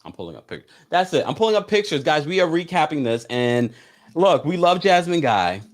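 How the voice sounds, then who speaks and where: A man's voice: a little high, very animated, a little fast. A man hosting a live recap stream, chatting casually, reading viewer comments and laughing between remarks. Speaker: live recap show host.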